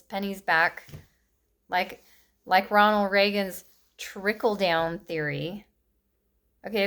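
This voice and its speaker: Her voice is medium-pitched and fairly bright as she vents. She's a US vlogger in her fifties giving a fervent political rant to camera, scolding bluntly and letting out short bitter laughs between points.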